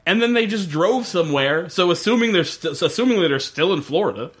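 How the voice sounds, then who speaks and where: A man co-hosting a podcast, chatting casually about a TV episode, swearing and acting out lines of dialogue. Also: high-pitched. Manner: animated, swearing, acts out dialogue in quick put-on voices. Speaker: podcast co-host. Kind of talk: casual chat recapping a TV episode.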